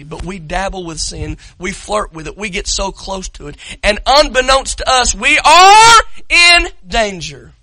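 A man preaching an impassioned sermon as pastor, telling a story dramatically and rising to shouts. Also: very high-pitched, big pitch swings, moderate pace, few pauses, no echo, rough recording. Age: adult parent.

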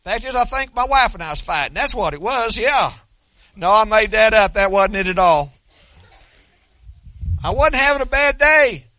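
Male pastor, sermon, high bright voice, folksy dry humor, dry close recording. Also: dry recording. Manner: folksy storytelling with dry self-deprecating humor; repeats and restarts words.

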